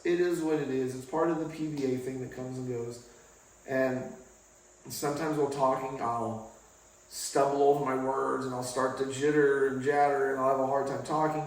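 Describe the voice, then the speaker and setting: A man talks casually to the camera in a halting, stop-start way, his voice at an ordinary middle pitch. He sits in a bare garage where the sound rings a lot, and he is picked up from some distance away. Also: a little mellow. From England. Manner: halting, casual, with pauses and restarts. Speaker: vlogger. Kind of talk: candid personal story to camera. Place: home garage. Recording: very echoey garage, mic far off.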